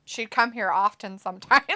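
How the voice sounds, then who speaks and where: A woman with a nasal, cackly voice chats casually on a live stream. Her pitch sits on the high side and swings widely. Her tone is bright, and she teases and swears freely. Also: very animated, measured pace. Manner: laughs often, swears casually, teasing. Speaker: live-stream co-host reading chat. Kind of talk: casual watch-along chat.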